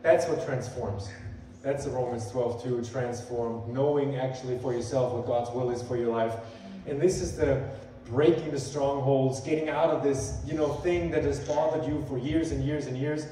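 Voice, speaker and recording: A man's voice: mid-range voice, fairly even intonation, normal speed, hardly any pauses, mellow, slight background noise. A male pastor giving a sermon, earnest and conversational, building emphasis as he quotes scripture. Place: church sanctuary. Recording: echoey hall, voice from far off.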